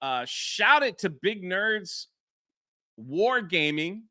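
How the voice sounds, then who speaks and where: A man co-hosting a livestream who keeps breaking into laughter as he reads donor names, his voice swinging high and low and bright. The sound is dry and close, with no room echo. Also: sing-song, slow pace. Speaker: livestream co-host reading super chats. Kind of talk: casual livestream chat.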